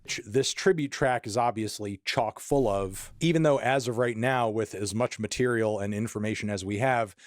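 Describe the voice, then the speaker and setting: A man giving video commentary in a measured, scathing tone as an online critic. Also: fairly low pitch, no room sound, clean studio sound.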